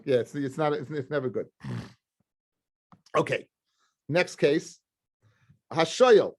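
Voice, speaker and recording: A man's voice: a little high, unhurried. A man, a rabbi, teaching a live Talmud class to students, explaining emphatically, repeating himself and quizzing the room.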